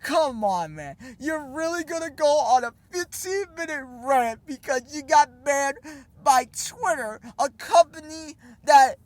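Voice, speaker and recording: A man's voice: very high-pitched, animated, a little slow. A young man ranting in a sarcastic, scornful vlog commentary full of casual slang. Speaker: vlogger. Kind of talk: mocking commentary rant.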